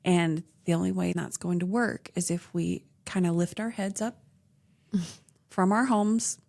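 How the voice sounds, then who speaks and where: A woman co-hosting a faith-based podcast, earnest and excitable, laughing often. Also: lowish voice, unhurried, creaky. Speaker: podcast co-host.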